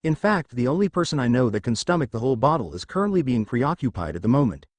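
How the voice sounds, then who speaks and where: Man voicing a teasing young barmaid, lively lilt. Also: mid-range voice, quick pace, no room sound.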